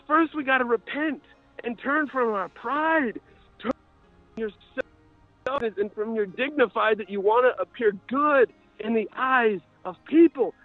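Impassioned male preacher, very high voice, dry tinny radio sound. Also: no echo. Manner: impassioned, rises to crying out. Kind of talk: sermon.

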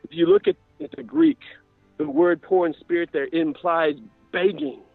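A man's voice: on the high side, sing-song, normal speed, gravelly, no room sound, soft background music. A man preaching a sermon with passion, building to fervent cries. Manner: impassioned, rises to crying out. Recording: tinny radio broadcast.

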